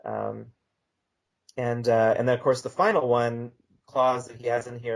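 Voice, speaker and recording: A calm, measured man with a mid-pitched voice appears as a guest on a conversational podcast interview. He reads a text aloud slowly and deliberately.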